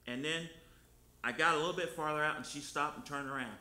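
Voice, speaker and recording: Talking fast in a fairly high, bright and forceful voice, a man delivers a sermon in a church sanctuary whose room echoes. He spins folksy personal tales using plain speech and colloquial grammar.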